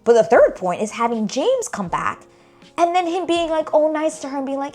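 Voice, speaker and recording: A young woman talking casually to camera as a TV reaction vlogger, animated and exasperated, filling her speech with "like" and "girl". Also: sits high, normal speed.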